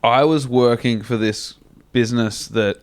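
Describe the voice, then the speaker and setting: A man's voice: medium pitch, fairly even intonation, unhurried. A man, telling a profane comic story on a podcast. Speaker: podcast co-host. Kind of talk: casual comedic storytelling.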